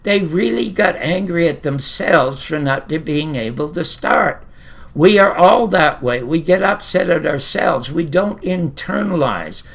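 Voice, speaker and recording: An older man from Canada talks straight to the camera, spinning a story at an unhurried, drawn-out pace. His voice sits a little high and carries a gravelly rasp, and he delivers his opinions bluntly, with the odd casual curse. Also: animated. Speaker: host.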